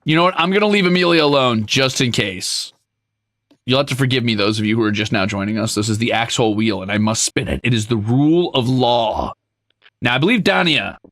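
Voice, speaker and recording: A man chatting casually while streaming a game, playful and animated, with sudden squeals, mock scolding and casual swearing. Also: mid-range voice, fairly quick, no echo. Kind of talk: casual game livestream chat.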